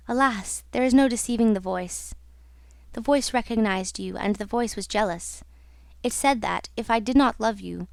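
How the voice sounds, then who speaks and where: A woman's voice: fairly high pitch, no echo, studio quality, close to an everyday voice. A woman reading an audiobook, voicing a young female opera singer who confides her story in an earnest, wistful way.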